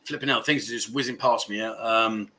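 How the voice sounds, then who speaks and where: A man's voice: on the low side, steady tone, fairly quick, bright, forceful tone. A man hosting a casual livestream, reading viewer comments aloud and bantering jokily with chatty fillers. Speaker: livestream host.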